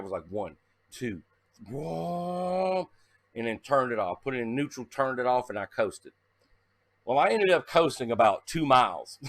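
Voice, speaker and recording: A man casually telling a story to camera, animated and swearing, acting out his own past reactions. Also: medium pitch, dry recording. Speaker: vlogger.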